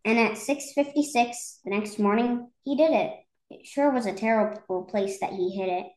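A woman's voice: on the high side, moderate pace, darkish tone. A woman reading a rhyming children's story aloud in a rhythmic, lilting way. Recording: roomy echo.

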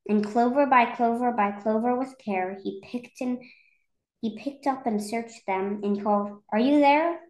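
A woman's voice: fairly high pitch, steady tone, measured pace. A woman reading a rhyming children's story aloud in a rhythmic, lilting way. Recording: roomy echo.

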